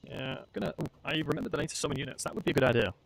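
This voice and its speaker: A man's voice: on the high side, expressive, rapid-fire, vocal fry. A young man streaming a strategy game match, chatting casually and joking at his own expense. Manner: chatty, joking, self-mocking. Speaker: streamer playing a tournament match. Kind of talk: casual live-stream chat while gaming.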